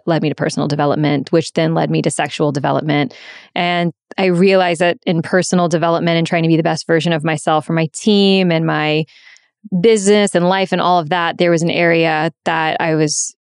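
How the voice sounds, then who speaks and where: A woman's voice: low voice, creaky, dry recording, clean studio sound. A woman in her thirties from the United States, a guest coach talking openly and reflectively in an interview, often restarting her sentences. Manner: open, reflective, many restarts. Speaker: guest, sex and relationship coach. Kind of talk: candid interview conversation.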